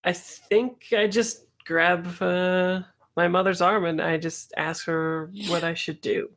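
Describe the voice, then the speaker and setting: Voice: medium pitch, steady tone, takes it slowly, a bit bright. A player in a tabletop role-playing game, speaking in a hesitant, stammering way. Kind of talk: in-character tabletop play.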